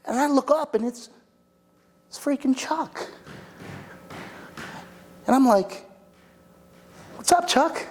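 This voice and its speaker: A man performing a monologue as a rambling, excitable young party guy who keeps saying "like" and "dude" and restarting his sentences. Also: very high-pitched, takes it slowly, pauses often. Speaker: attorney in a monologue workshop.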